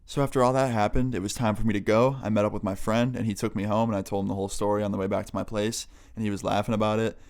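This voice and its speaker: A man's voice: fairly low pitch, little pitch movement, a little mellow. A young man, a vlogger, telling a casual story time, chatty and profane. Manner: rapid, profane, chatty retelling.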